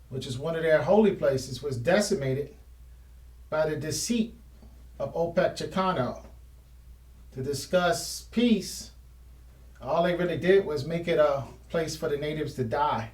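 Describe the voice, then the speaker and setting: A man with a high-leaning, darkish voice presents a painting history program in his studio, explaining things casually while painting. He rambles, restarts, and lets phrases trail off, and the distant, off-mic recording sounds roomy.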